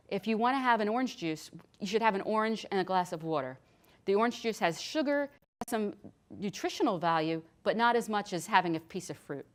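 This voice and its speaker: A middle-aged woman nurse practitioner giving a chatty, practical health lecture. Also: medium pitch. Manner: chatty and practical, with frequent restarts. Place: hospital lecture room.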